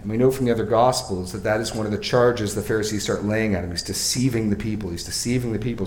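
A male pastor with a fairly low voice preaches an expository sermon in a roomy-sounding space. He swings between quiet, slow remarks and loud, emphatic readings and acted-out quotes.

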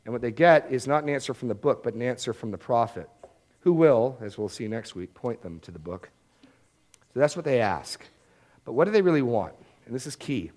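A man's voice: mid-range voice, lively intonation, fairly quick, darkish tone. A man preaching a Bible-teaching sermon in a conversational way, often repeating words as he restarts a thought.

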